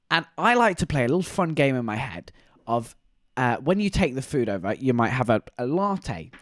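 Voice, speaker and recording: Lively man rambling on stream. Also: medium pitch, no room sound, clean studio sound. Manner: rambling, joking, animated storytelling. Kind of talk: casual live-stream chat.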